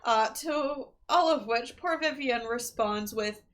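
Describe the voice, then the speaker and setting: A woman's voice: a little high, slow pace, fairly bright tone. Wry woman podcast co-host. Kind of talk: casual movie recap chat.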